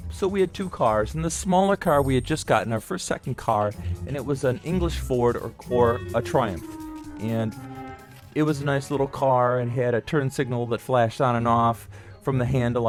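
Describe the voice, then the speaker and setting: A middle-aged man hosting a podcast, telling childhood stories in a relaxed monologue and acting out the quoted voices now and then. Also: medium pitch. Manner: nostalgic, acts out quoted voices with some filler words. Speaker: podcast host. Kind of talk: storytelling monologue.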